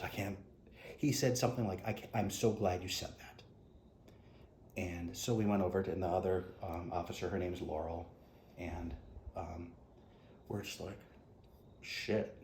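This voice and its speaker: A middle-aged man, a retired police officer, frankly recounting his experiences in an interview with halting restarts. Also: sits low, fairly even intonation. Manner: halting, frank, drops soft quoted asides. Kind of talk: interview storytelling. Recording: echoey room with faint noise.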